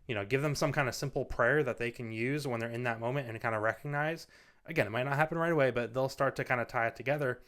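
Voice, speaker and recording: Man, parenting host, casual advice talk, earnest, rambling with fillers, mid-pitched, smooth resonant voice, studio mic. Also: fast, a bit bright. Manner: earnest, filler-heavy, rambling with many "you know"s. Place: standing in front of a mic. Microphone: studio microphone.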